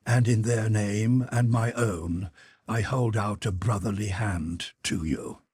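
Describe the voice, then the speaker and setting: A man voicing a grave, severe old male Freemason who speaks in a deliberate, measured and formal way. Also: lowish voice, darkish tone, breathy edge, dry recording, clean studio sound.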